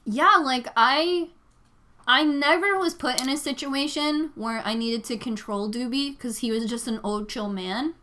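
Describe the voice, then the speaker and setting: A woman's voice: high voice, a little slow, pushed and bright. A young woman livestreaming while she crafts, chatting in a rambling, casual way with lots of "like" fillers. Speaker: livestreaming vlogger.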